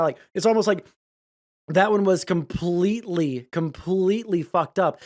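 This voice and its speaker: Sarcastic, swearing live-stream commentator. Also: medium pitch. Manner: sarcastic, swears often, loud outbursts. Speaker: streamer reacting to news.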